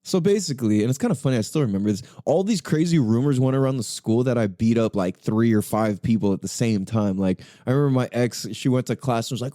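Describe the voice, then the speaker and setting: A man's voice: medium pitch, brisk, hardly any pauses, dark tone, no echo, clean studio sound. A young man hosting a podcast, telling a story in casual, profane slang full of fillers. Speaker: podcast host.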